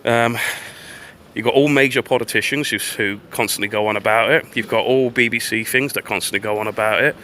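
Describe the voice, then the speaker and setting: A man's voice: mid-range voice, fairly even intonation, a little fast, pushed and bright, a little hiss or hum. A man livestreaming a rambling, profane commentary while walking outdoors on a town street. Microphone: phone livestream.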